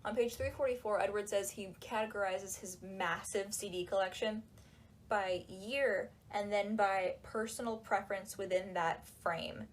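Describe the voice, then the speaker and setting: A woman talking in a casual, animated and sarcastic way, with lots of "like"s, while she folds laundry. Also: mid-range voice, measured pace. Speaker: book reviewer. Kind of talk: casual chat.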